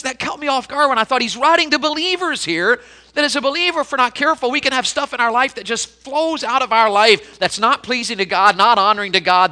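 A middle-aged man preaching a sermon, telling homespun stories and swinging from loud emphasis to quiet intensity. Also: high-pitched. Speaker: pastor.

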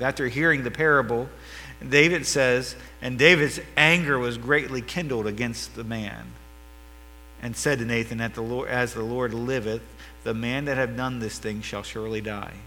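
A man preaching a sermon, swinging between loud, emphatic passages and quiet, low asides, and quoting old-fashioned scripture. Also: fairly even intonation, moderate pace. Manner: quotes King James scripture. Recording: long reverb with mains hum.

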